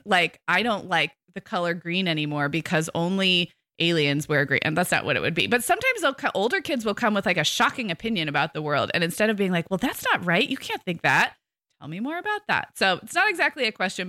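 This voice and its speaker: A woman co-hosting a parenting podcast in casual chat, often acting out quick quoted lines from kids and parents. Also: fairly low pitch, bright, forceful tone, no room sound, clean studio sound. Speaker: podcast co-host.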